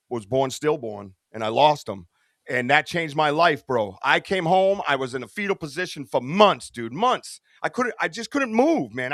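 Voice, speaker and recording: A man's voice: a little high, a bit bright, no echo, studio quality. A middle-aged man in a casual podcast chat, rambling and earnest, tossing in bro and dude. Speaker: podcast guest, Bigfoot researcher.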